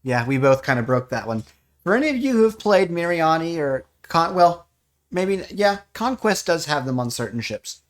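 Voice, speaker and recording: Relaxed hesitant player explaining a game. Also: medium pitch, normal speed. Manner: relaxed, hesitant, with frequent ums and restarts. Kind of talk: casual live game walkthrough.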